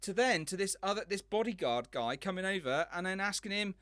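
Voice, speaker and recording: Man, slightly high voice, bright, enthusiastic, rambling. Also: expressive, brisk, no room sound, clean studio sound. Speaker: podcast host. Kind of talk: casual chat.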